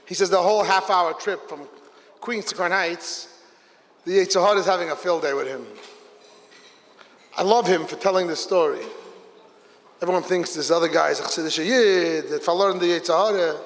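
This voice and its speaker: A man, a rabbi, telling a story at a Hasidic gathering, lively and acting out the people in it. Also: sits high, moderate pace, pauses often. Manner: animated, voices characters in the story. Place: large hall with a gathered audience. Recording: long hall reverb.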